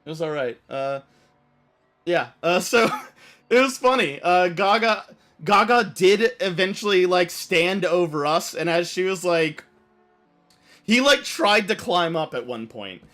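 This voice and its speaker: A man streaming a game, telling a story in an animated, rambling way full of fillers. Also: high-pitched, a little slow. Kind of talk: casual storytelling while playing.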